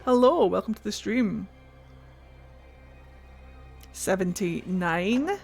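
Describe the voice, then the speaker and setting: A woman's voice: medium pitch, lively intonation, slow, creaky, slightly rough, faint music behind. Chatty woman streaming a game. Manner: chatty, laughing, gushing asides. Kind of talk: casual gameplay commentary.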